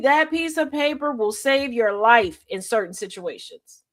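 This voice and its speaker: Chatty laughing woman host, bit high. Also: normal speed, hardly any pauses, fairly bright tone. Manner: laughs often, chatty and candid. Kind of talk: casual chat.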